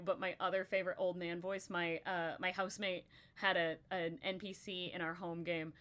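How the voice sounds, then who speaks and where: A woman's voice: on the low side, level tone, moderate pace, hardly any pauses, a bit bright. A woman hosting a casual podcast chat, rambling and giggly with frequent fillers. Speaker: podcast host.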